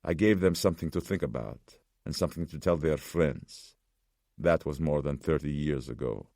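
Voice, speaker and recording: A man narrating an audiobook in a steady, dark, deliberate manner. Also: a bass voice, creaky, dry recording, studio quality. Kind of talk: scripted narration.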